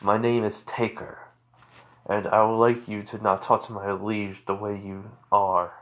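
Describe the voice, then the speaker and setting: A man's voice: lowish voice, little pitch movement, unhurried, fairly bright tone. A man doing a formal undead villain servant. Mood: deferential. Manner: formal, deferential. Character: undead male villain turned loyal servant.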